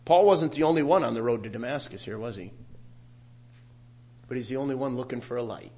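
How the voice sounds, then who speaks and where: A middle-aged man preaching a sermon, growing loud and animated when he quotes scripture. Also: medium pitch, brisk. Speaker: pastor.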